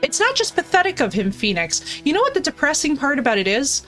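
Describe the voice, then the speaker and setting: A woman's voice: high-pitched, very animated, brisk, fairly bright tone, faint music behind. A woman streaming a game, ranting casually and profanely while answering her chat. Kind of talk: casual live-stream commentary.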